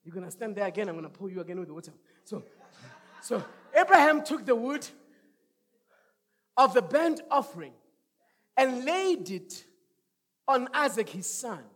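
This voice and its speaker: High-pitched shouting preacher man. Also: very animated, moderate pace, pauses often, husky. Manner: shouting call-and-response preaching, whoops. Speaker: pastor. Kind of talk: energetic sermon.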